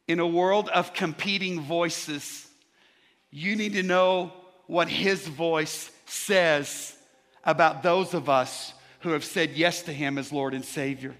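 A man preaching a sermon as pastor, building through rhythmic repeated phrases into emphatic shouts. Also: high voice, slow. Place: church sanctuary. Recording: long reverb of a large hall.

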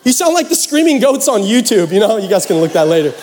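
A youth pastor from Seattle gives a sermon, telling a joking, animated story to the congregation in a large church hall. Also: male voice, high voice, quick pace, some chatter behind, slight background noise. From Seattle area, United States. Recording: long hall reverb.

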